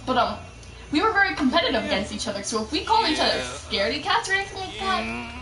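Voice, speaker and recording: Young female streamer, animated chatter with shouted outbursts, mic set back, noisy backdrop. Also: high-pitched, rapid-fire. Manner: chatty storytelling, bursts of excited shouting at the game. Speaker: gaming streamer. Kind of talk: casual live-stream chatter while gaming. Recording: roomy echo, mic at a distance, loud background noise.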